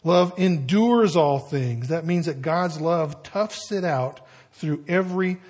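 Older male pastor, husky voice pitched a bit high, folksy conversational sermon delivery. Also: slow, darkish tone. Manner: folksy storytelling with conversational asides.

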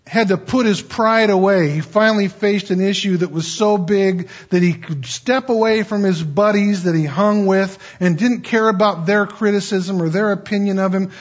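Husky, folksy man preaching a sermon. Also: high voice, lo-fi sound. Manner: folksy, stammering restarts, acts out quoted pleas. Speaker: pastor. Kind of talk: conversational sermon.

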